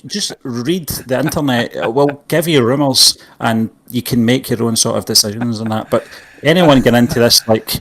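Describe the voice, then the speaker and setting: A man's voice: medium pitch, moderate pace, few pauses, a bit bright. Blunt, jokey male podcast co-host. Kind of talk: casual film review chat.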